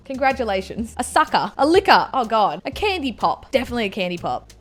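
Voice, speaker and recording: Playful Australian woman, fairly high voice. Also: fast, faint music behind. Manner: animated, playful and self-mocking, swinging loud and soft. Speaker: YouTuber host. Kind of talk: casual reaction vlog. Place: indoors at home, wrapped in a blanket.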